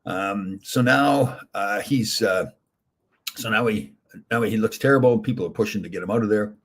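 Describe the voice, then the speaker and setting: A man's voice: on the low side, normal speed, husky. A middle-aged man hosting a casual livestream, chatting in a rambling way and reading viewer comments aloud. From Canada. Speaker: livestream host answering chat. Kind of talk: casual chat.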